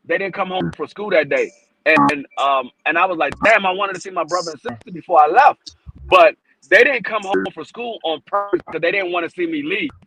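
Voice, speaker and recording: A man casually telling a profane, animated story, his pitch jumping when he acts out his own alarm. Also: fairly quick. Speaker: podcast guest. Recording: noisy podcast recording.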